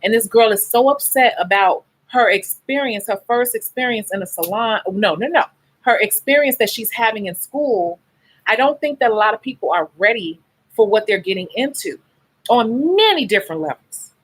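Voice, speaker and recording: A woman's voice: on the high side, lively intonation, moderate pace, slightly rough, low-quality recording. A tired, sleep-deprived woman who works as a nail technician talks bluntly and emotionally to her viewers in a candid livestream chat. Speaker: nail technician and beauty YouTuber.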